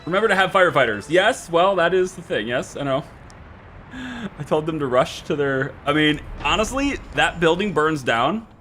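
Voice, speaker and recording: A man streaming a city-building game live, chatting to himself and yelling frantically when things go wrong. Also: fairly high pitch, moderate pace, slight background noise. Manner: excitable, swings from mumbling to frantic shouting. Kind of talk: live gameplay commentary.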